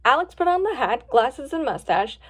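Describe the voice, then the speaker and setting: A woman reading a storybook aloud in a lively, expressive way. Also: high voice, moderate pace. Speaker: story reader.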